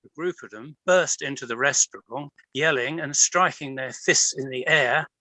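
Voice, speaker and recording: Bright-voiced man reading poems. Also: medium pitch, normal speed, no echo, low-quality recording. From Liverpool, England. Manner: expressive storytelling reading. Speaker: guest poet and artist. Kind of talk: reading his own poems aloud.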